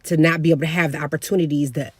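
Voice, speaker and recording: Animated woman telling a family story. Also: sits low, rapid-fire, slightly rough, no echo. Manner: animated, slangy, laughs through stories. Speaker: vlogger. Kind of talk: casual storytelling.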